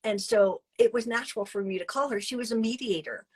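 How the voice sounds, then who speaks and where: A woman guest telling a personal story in an interview, chatty and animated, with fillers and restarts. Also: on the high side, brisk, slightly rough. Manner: chatty and animated, many fillers and restarts, acting out her own past lines.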